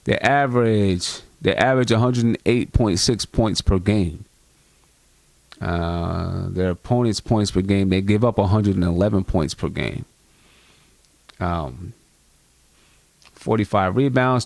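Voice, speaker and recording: A man's voice: fairly low pitch, unhurried, creaky, darkish tone, no room sound. A man hosting a live postgame basketball stream, chatting straight to his viewers. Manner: chatty, addresses viewers directly. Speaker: fan livestream host.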